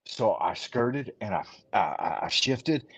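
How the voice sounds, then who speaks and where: Husky-voiced guy, swears a ton, rambles like a pep talk, dry close sound. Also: on the low side, sing-song, takes it slowly, fairly bright tone, no room sound. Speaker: host. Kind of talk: casual podcast chat.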